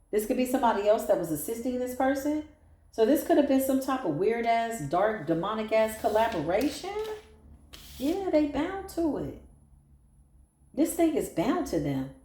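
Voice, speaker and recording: A sassy woman reads tarot cards and talks straight to her listener. Her delivery is blunt and slangy. Her voice is mellow and darker in tone, and it sits in an echoey room. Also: on the high side. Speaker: tarot reader. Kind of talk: casual tarot reading monologue.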